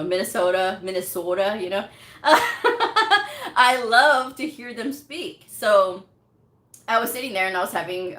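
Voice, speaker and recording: Chatty Texan woman with a lowish voice. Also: fairly bright tone, roomy sound. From Texas. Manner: chatty, laughs often, many fillers. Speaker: medical coding livestream host. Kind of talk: casual livestream chat reading comments.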